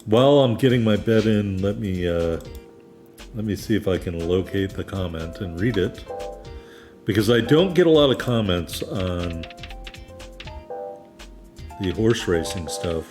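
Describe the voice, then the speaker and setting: A man's voice: sits low, animated, a little slow, long pauses, over music. A man hosting a racing game playthrough in casual commentary, rambling with frequent ums and self-deprecating asides. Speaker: let's play host.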